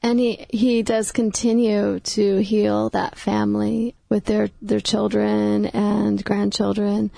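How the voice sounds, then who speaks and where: Female co-host, heavy vocal fry, mellow and heartfelt. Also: medium pitch, little pitch movement, slow pace, few pauses, dry recording. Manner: prayerful, heartfelt. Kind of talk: religious talk show chat.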